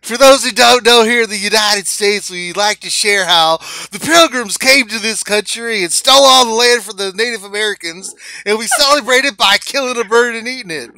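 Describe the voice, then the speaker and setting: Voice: normal speed, no echo. A stream co-host putting on a brash, mock-cheerful announcer voice for a parody segment. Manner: loud, mock-cheerful pitchman delivery. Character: brash TV-style holiday show announcer.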